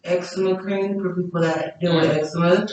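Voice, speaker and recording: On a podcast, a guest who owns small businesses talks casually about them in a lowish, slightly mellow voice at normal speed with fairly even intonation. She rambles, correcting herself and using many fillers. The room is very echoey, the mic far away, with slight background noise.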